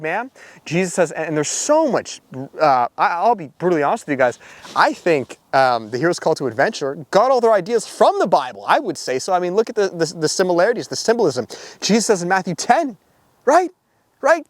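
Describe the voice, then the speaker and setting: A man who coaches Christian men, giving a casual, preachy talk to camera. He is animated and full of fillers and rhetorical asides. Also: a little high, a little fast, dry recording.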